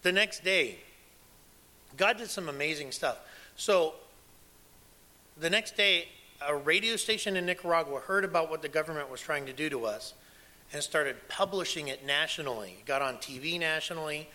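A man preaching a sermon, telling stories with emphasis and swinging between a hush and loud, pressing delivery. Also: fairly high pitch, moderate pace. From United States. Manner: emphatic storytelling, dropping to a hush and rising loud. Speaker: pastor and former missionary.

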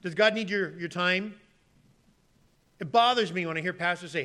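A man, likely in his thirties, preaching a sermon with lively delivery, acting out pleading voices in sudden loud bursts and then dropping to quiet asides. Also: sits high, normal speed. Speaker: pastor.

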